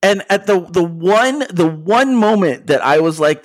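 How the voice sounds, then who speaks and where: A man co-hosting a podcast, telling stories excitedly in casual chat and laughing often. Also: a little high, measured pace, hardly any pauses. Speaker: podcast co-host.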